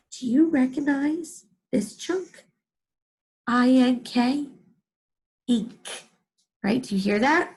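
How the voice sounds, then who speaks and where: A woman teacher giving a reading lesson to young children, sounding out words slowly in chunks and asking the listener questions. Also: sits high, darkish tone, slightly rough, low-quality recording. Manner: slow, sing-song, exaggerated sounding out of words; asks the listener questions and answers them.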